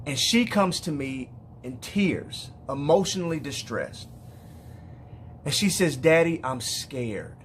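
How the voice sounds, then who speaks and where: A man with a fairly high voice speaks very slowly in an emotional personal monologue as a father. He sounds weary and heartfelt, halting often, repeating words and restarting his sentences. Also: lively intonation, fairly bright tone, a little hiss or hum. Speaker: father speaking to other parents.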